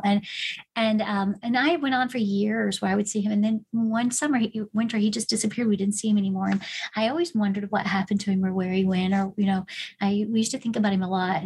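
A woman's voice: medium pitch, fairly even intonation, a little fast, darkish tone, slight background noise, poor audio. A middle-aged woman in casual conversation, telling a long personal story with many fillers and restarts.

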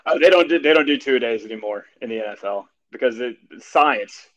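A man's voice: medium pitch, a little fast, a bit bright, rough recording. A man co-hosting a casual chat, answering in a matter-of-fact way with frequent restarts.

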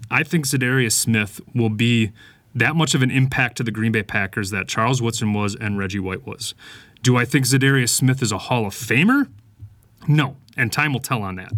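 A man's voice: medium pitch, fairly bright tone, no echo. A man hosting a sports podcast, giving casual, opinionated commentary with lots of fillers and restarts. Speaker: podcast host.

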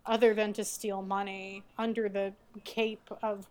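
A woman's voice: mid-range voice, flat delivery, measured pace, a little mellow, smooth. A woman co-hosting a podcast, casually recapping a show with wry asides. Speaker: podcast co-host. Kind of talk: casual chat.

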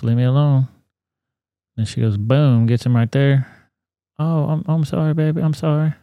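A man hosting a podcast, commenting on a news video in a blunt, profane, animated rant. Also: mid-range voice, smooth, no echo, clean studio sound. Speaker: podcast host.

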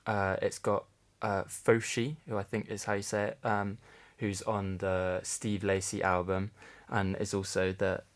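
A man's voice: low-pitched, level tone, measured pace, few pauses. A young man from England hosting a casual podcast, chatty with dry, wry humour. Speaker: podcast host. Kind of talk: casual chat.

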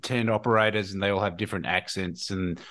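Halting man, voice actor guest. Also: on the low side, steady tone, fairly bright tone. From England and Australia. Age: older. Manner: halting, many restarts, laughs often. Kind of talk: casual podcast chat.

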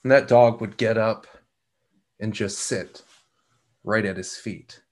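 A middle-aged man hosting a reflective talk, speaking in a slow, measured way with frequent pauses and repeated words. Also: on the low side. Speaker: podcast host.

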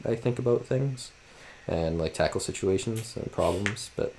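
Deep-voiced young man rambling casually. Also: moderate pace, a little mellow, a little hiss or hum. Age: 20s. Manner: rambling, heavy use of "like". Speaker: podcast co-host. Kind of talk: casual chat.

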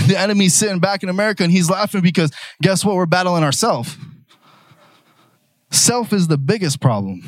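A young male preacher with a strikingly high voice delivers a fervent sermon. He moves from shouted declarations to loose, slangy asides. The sound is dry and close, with no room around it. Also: dry recording. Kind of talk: energetic sermon.

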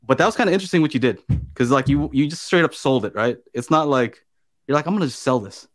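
A man's voice: medium pitch, expressive, fast talker. A man co-hosting a podcast, talking in a loose, rambling way with lots of fillers. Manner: chatty, rambling, many fillers. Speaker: podcast co-host. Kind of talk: casual chat.

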